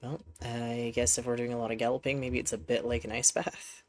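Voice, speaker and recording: A man's voice: mid-range voice, little pitch movement, brisk. Congested man chatting through a game. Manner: chatty, rambling, talks to his horses. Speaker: streamer. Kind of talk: casual gameplay commentary.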